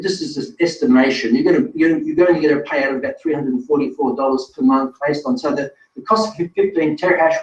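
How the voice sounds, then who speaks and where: A man presenting a live online webinar, talking straight to viewers in a chatty, self-correcting way. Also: fairly high pitch. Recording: distant roomy lo-fi sound.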